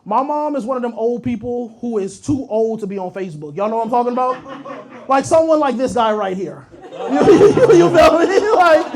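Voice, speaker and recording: High-voiced man doing raunchy stand-up. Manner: profane, rambling storytelling to the crowd. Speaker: stand-up comedian. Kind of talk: stand-up comedy set. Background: audience laughter.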